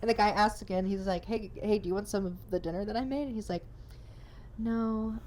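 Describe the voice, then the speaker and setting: A chatty young woman co-hosting a casual podcast, retelling stories and acting out the voices in them. A steady noise runs clearly underneath her voice. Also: medium pitch, a little fast. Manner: chatty, acts out quoted voices in retold stories. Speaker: podcast co-host. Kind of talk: casual chat.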